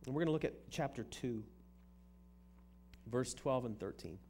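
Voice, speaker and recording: A man's voice: medium pitch, animated, normal speed, a little mellow, slight background noise. A man preaching a sermon in a conversational way, often repeating words as he restarts a thought. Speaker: pastor.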